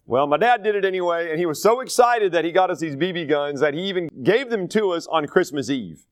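Pastor guy rambling thru a bible study, kinda high voice, dry close sound. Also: lively intonation, brisk, no room sound. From North Carolina, US. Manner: conversational, digressive storytelling. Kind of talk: sermon, Bible study teaching.

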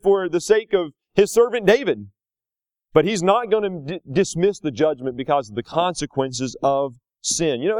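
A man's voice: sits high, darkish tone, no echo, studio quality. A man preaching a sermon as a pastor, in a folksy storytelling way with acted asides.

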